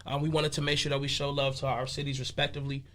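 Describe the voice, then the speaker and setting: A man's voice: medium pitch, flat delivery, quick pace, a bit bright. A young man from Chicago, a musician guest talking loosely and casually in an interview, with many fillers. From west side of Chicago. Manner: laid-back, loose and conversational, with many fillers.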